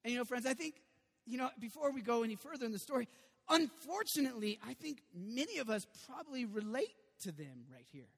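Male pastor, high voice, animated chatty preaching with loud bursts, echoing hall. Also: brisk, vocal fry. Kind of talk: sermon. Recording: long reverb of a large hall.

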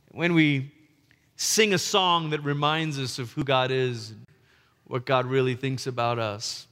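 A male pastor preaching a sermon in a conversational way, slipping into gentle acted-out quotes. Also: medium pitch. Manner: conversational, acts out tender quoted lines. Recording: long reverb of a large hall.

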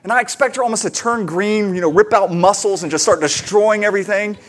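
A male pastor with a fairly high voice delivers a sermon in a loose, conversational way, scattering fillers as he talks. He shifts into lively, animated bits when retelling moments from home. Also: fairly quick.

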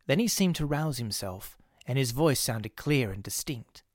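A man narrating a ghost story in a measured, steady reading. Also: mid-range voice, no echo, clean studio sound.

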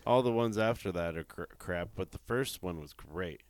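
A man co-hosting a podcast in casual chat, laid-back and quick to laugh. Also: low-pitched, no room sound. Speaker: podcast co-host.

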